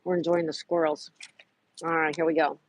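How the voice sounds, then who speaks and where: A woman's voice: low-pitched, flat delivery, normal speed, a little hiss or hum. A woman hosting a casual livestream from outdoors in a park, chatting to viewers, greeting them by name and reading trivia questions aloud. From Florida. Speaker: livestream host.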